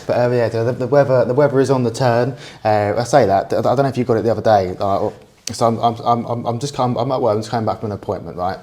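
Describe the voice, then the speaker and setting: A man's voice: mid-range voice, steady tone, quick pace, mellow. A young man, co-hosting a casual podcast, rambling with frequent restarts and swearing. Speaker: podcast co-host. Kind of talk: casual banter.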